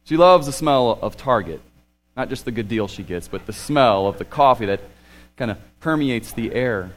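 Male pastor, thirties, lively sermon delivery, swings loud to hushed. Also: medium pitch, normal speed. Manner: animated, swings from excited to hushed.

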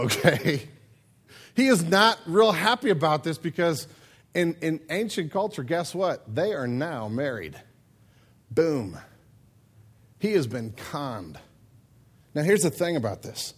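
A man with a notably high voice preaches a comic sermon. He tells the story in a joking, animated, conversational way, talking to his listeners directly. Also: measured pace, long pauses, breathy edge. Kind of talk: humorous sermon.

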